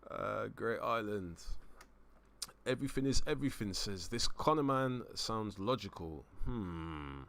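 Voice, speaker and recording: A man's voice: lowish voice, expressive, unhurried. Laid-back male stream host. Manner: laid-back, reads out chat messages with slang shout-outs. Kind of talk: casual live-stream chat.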